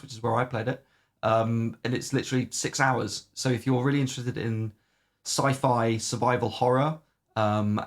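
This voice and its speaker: A man co-hosting a podcast, casually reviewing games with lots of ums and the odd swear. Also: medium pitch. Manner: rambling, many "um"s, swears casually. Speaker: podcast co-host. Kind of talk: casual game review chat.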